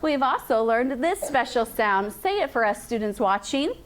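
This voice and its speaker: Bright-voiced woman teacher drilling phonics. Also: a little high, big pitch swings, moderate pace. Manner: upbeat, drills sounds in call-and-response chants. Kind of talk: classroom phonics lesson.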